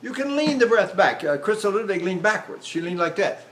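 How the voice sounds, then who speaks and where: A man's voice: high-pitched, very animated, a little fast, a bit bright, slight background noise. An older male voice teacher giving a rambling lecture on vocal technique, breaking into demonstrations and sung vowels.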